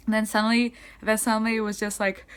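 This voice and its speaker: A young woman excitedly recapping a concert she attended, in casual rambling speech full of "like". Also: fairly high pitch, quick pace, clear, resonant tone. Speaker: concert-going fan.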